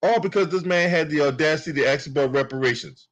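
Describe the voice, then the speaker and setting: A man's voice: fairly high pitch, fast talker, a bit bright. A man delivering heated, profane political commentary with speech patterns, repeating himself as he rants. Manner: heated, profane, repetitive ranting.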